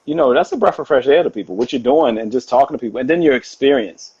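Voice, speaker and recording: A man talking casually on a live stream as a guest author, animated and quick to laugh, often repeating himself. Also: mid-range voice, slightly rough, lo-fi sound. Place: home. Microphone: phone or video call.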